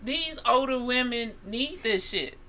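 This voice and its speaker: A woman co-hosting a casual talk radio show, animated and talking over the others with mild swearing. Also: a little high, measured pace. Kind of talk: casual chat.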